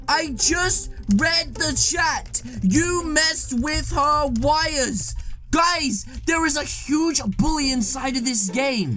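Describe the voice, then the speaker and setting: A woman hosting an excited gameplay commentary video, dramatic and excitable, reacting with exaggerated shock. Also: high-pitched. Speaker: gaming video host.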